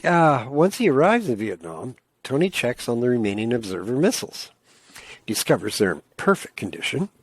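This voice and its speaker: A man's voice: medium pitch, sing-song, normal speed, no echo. A man co-hosting a casual comic-book podcast, reading plot summaries aloud and cracking joking asides. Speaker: podcast co-host.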